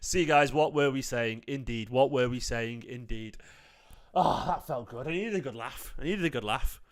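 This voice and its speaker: A man's voice: mid-range voice, normal speed. A young man hosts a live football watchalong, chatty and prone to laughing fits. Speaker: football fan channel host. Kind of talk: live match watchalong commentary.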